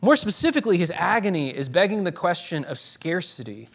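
A man's voice: high-pitched, very animated, fairly quick, gravelly, a bit bright. A man. He talks conversationally, trips and restarts often, and lifts his voice sharply when he voices a quoted line. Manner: dramatic reading of quotes with rising voice. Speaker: preacher. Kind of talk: sermon.

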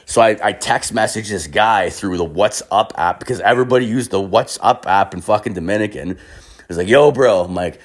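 A man from Canada spins a rowdy anecdote in loose, casual talk. His voice is on the low side, and he swears almost every line, stacking fillers as he goes. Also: a little fast. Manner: profane and rambling, heavy filler words. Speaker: storyteller.

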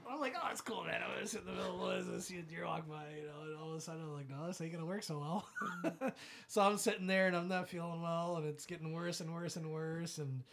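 A man co-hosting a podcast, telling a story in a casual chat and dropping low and quiet when he quotes people. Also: fast, vocal fry, slight background noise. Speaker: podcast co-host.

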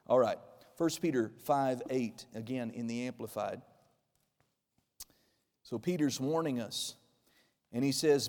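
A pastor in his forties preaching a sermon, with emphatic loud bursts that drop into quiet, close asides. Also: mid-range voice, unhurried, pauses often, big-room sound. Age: 40s.

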